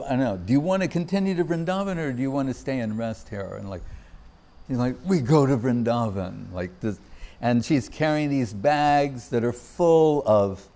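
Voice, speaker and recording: A man giving a devotional festival talk, telling anecdotes and acting out the voices of the people he quotes. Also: mid-range voice. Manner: anecdotal, warm laughter, acts out quoted voices. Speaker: Gaudiya Vaishnava speaker. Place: temple festival gathering.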